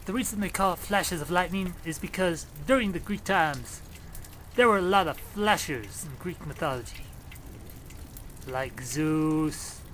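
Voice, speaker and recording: Excited, profane man filming a rainstorm. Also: fairly high pitch, a little slow. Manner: excitable, profane, taunting the storm. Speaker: vlogger filming a storm. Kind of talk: excited running commentary. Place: outdoors under a shelter in a rainstorm. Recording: rain noise on a handheld camera. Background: rain.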